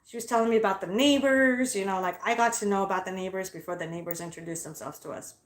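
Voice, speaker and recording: A woman telling stories in a casual vlog, blunt, loud and profane, and she calls herself straightforward. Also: medium pitch, fast. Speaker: vlogger. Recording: echoey room.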